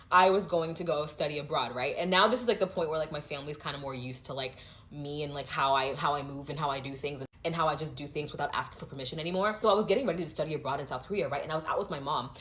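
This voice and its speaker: Young woman, storytime vlogger, lively swinging pitch, chatty filler-heavy delivery. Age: young adult. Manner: animated, fast-flowing, heavy filler 'like'. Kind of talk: storytime vlog.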